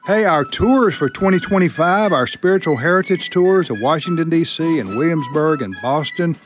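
Brisk male radio promo voice. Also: a little high, expressive, over music. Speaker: tour promoter in a radio spot.

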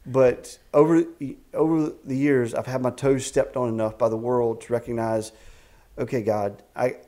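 A man in his fifties, executive director of a ministry camp, telling stories in an animated way in a casual interview. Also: mid-range voice, normal speed. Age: 50s. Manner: animated storyteller with frequent restarts and faith talk. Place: a house at a rural camp.

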